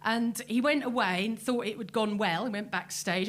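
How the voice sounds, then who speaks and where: A woman's voice: mid-range voice, normal speed. A woman hosting a memorial show, telling stories to a live audience with frequent laughter. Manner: chatty, laughing, calling on audience members. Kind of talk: casual anecdote to a live audience.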